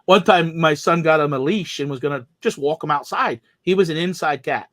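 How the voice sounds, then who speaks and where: A man's voice: a little high, brisk, fairly bright tone, dry recording. A man with a slightly raised voice tells a winding story in casual chat. He keeps restarting his sentences and trailing off into asides. The sound is close and dry. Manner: rambling storytelling with many restarts.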